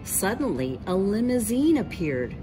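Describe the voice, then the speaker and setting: A woman's voice: medium pitch, very animated, a little slow, over music. A woman reading a children's picture book aloud, narrating expressively and voicing the characters.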